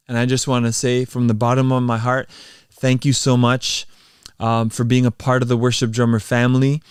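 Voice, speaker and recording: A man's voice: medium pitch, clean tone, no echo, studio quality. A man hosting a casual livestream, talking earnestly with many fillers, then leading a prayer. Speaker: channel host and worship drummer.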